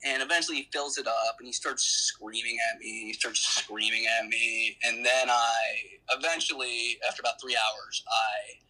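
A man with a very bright, edgy voice that carries a husky grain. He recounts his story in a loose, rambling way, circling back with restarts and fillers as a guest in an interview. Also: mid-range voice, fairly even intonation, normal speed, few pauses, rough recording.

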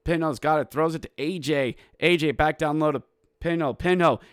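A man hosting a casual hockey recap, calling the plays and breaking into shouted goal calls, with jokey, self-mocking asides. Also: fairly high pitch, moderate pace, clear, resonant tone, dry recording, studio quality. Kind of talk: casual game recap with play-by-play.

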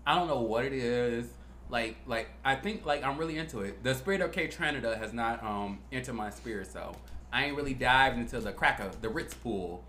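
A young man co-hosting a podcast, chatting casually and telling profane, animated stories. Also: medium pitch, normal speed, roomy sound, a little hiss or hum. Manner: animated storytelling, profane and playful. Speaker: podcast co-host.

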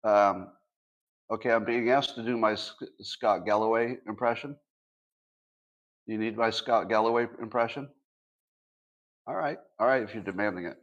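A man's voice: on the low side, moderate pace, long pauses, muffled recording. A man in his sixties hosting a casual livestream, talking to his audience with dry sarcastic asides. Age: 60s. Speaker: podcast host.

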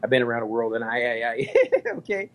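A man in a casual podcast chat, an animated storyteller who repeats phrases and laughs often. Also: medium pitch, fast, poor audio. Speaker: podcast guest.

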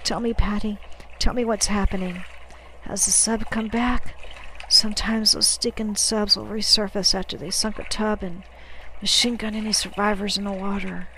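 A woman voicing a gruff but kindly older male sailor who coaxes and soothes, stammering now and then, in a storybook reading. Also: medium pitch, little pitch movement, normal speed, bright, forceful tone, a little hiss or hum, poor audio. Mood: urgent.

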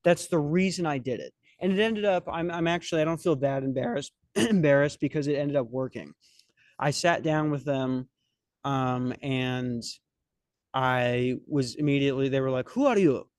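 A man's voice: medium pitch, normal speed, dry recording. Rambling, cussing young man, dry sound. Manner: rambling, profane, self-mocking. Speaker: podcast host. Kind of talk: comedic storytelling chat.

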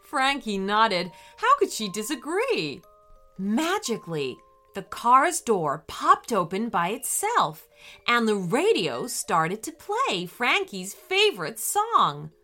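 A woman narrating a children's bedtime story with an animated, expressive delivery. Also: a little high, slow, soft background music.

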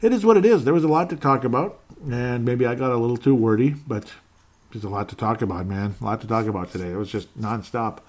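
A man's voice: medium pitch, steady tone, fast talker, a little mellow. A man hosting a casual sports talk show, reading listener comments aloud and chatting with frequent laughs. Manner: puts on a joking Canadian accent briefly. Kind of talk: casual sports podcast chat.

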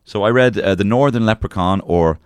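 A man's voice: fairly low pitch, brisk, dry recording. An Irish man co-hosting a podcast, chatting casually, swearing and joking while reading passages aloud. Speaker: podcast co-host. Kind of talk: casual chat.

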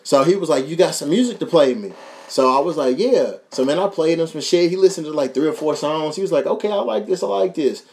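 A young man from Kentucky with a Kentucky accent, hosting a podcast and telling a profane, animated story with voices for the people in it. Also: fairly high pitch, fast talker. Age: young adult. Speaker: podcast host. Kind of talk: casual storytelling.

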